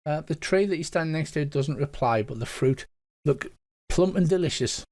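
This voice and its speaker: A man's voice: a little high, animated, moderate pace, darkish tone. A man running a tabletop game as game master, describing scenes casually. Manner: casual, descriptive, swears now and then.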